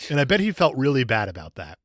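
A man's voice: medium pitch, very animated, quick pace, no echo. A man co-hosting a casual podcast, joking with crude banter and laughing a lot. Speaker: podcast co-host.

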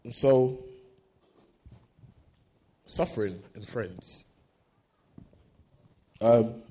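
A man's voice: deep voice, darkish tone, rough recording. A man preaching a sermon, earnest, often repeating words as he works through a thought.

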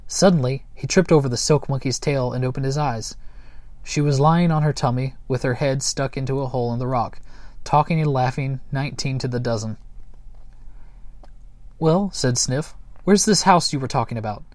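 A man reading a children's book aloud in a gentle, unhurried way, with small slips and chuckles. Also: medium pitch, fairly even intonation, dry recording. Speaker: storyteller.

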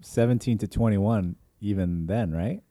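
A man's voice: fairly low pitch, a little slow, warm tone, no room sound, studio quality. A man hosting a casual podcast chat, asking questions and laughing often.

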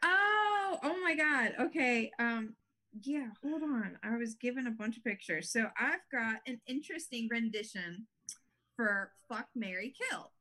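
Bright, giggly woman. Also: fairly high pitch, expressive, unhurried. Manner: giggly, playful. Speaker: podcast co-host. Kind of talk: casual chat.

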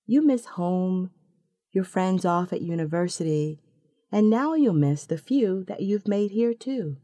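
A woman narrating a second-person story in a slow, calm and intimate manner. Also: lowish voice, no echo, clean studio sound.

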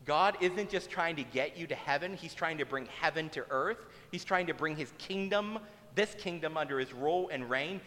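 A man's voice: on the high side, bright, forceful tone, a little hiss or hum. A male pastor preaching a sermon in a conversational, humorous way, recorded in a church hall. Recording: long hall reverb.

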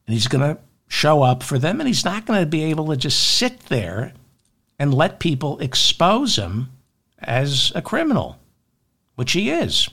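A man delivering political news commentary, emphatic and animated, repeating points for effect and acting out quotes in altered voices. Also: a little high, creaky.

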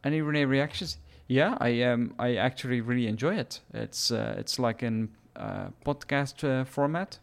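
Speaking at medium pitch and moderate pace with vocal fry and hardly any pauses, this man co-hosts a podcast. During a game session he chats casually but hesitantly, dropping lots of "uh"s and laughing readily.

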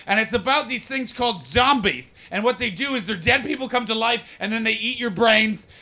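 A man's voice: extremely high pitch, animated, fairly quick, sharp tone, voice pushed up, full character voice. A man putting on an intense male horror film director who talks as if trying to bite you. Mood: eager pitching. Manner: intense, hungry, talks like biting.

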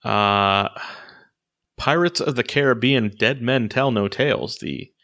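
A man's voice: medium pitch, unhurried, a bit bright. A man co-hosting a casual movie chat, rambling with lots of fillers and restarts. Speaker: podcast co-host reviewing movies.

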